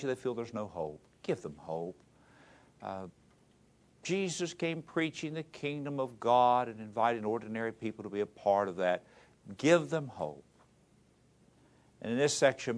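Animated preacher-teacher man. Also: mid-range voice. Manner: animated storyteller with a drawl. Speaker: pastor teaching ministry students. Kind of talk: lecture with folksy anecdotes.

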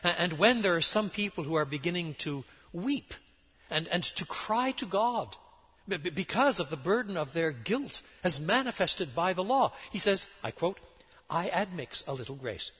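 A middle-aged man preaching a lecture-style sermon, emphatic and animated, with sudden rises and drops in his voice. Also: high-pitched, moderate pace, slightly rough. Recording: dull sound in a large reverberant hall.

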